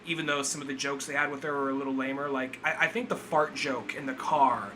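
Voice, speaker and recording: A man's voice: mid-range voice, steady tone, fast, bright, forceful tone, slight background noise. A man co-hosting a podcast, chatting casually about a film in a loose, rambling way with lots of fillers and swearing. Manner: loose, rambling, full of "like" and profanity. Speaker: podcast co-host. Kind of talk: casual movie review chat.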